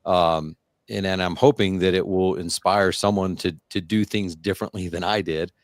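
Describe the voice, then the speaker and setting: Male podcast host, deep voice, dry sound, candid, halting delivery. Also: steady tone, no room sound. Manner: candid, halting with repeated words. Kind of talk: casual chat.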